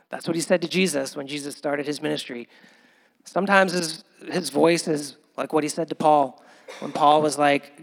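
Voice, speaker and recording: A man preaching a conversational sermon as pastor, chuckling often and building to loud, animated bursts. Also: on the high side, normal speed, in a large hall.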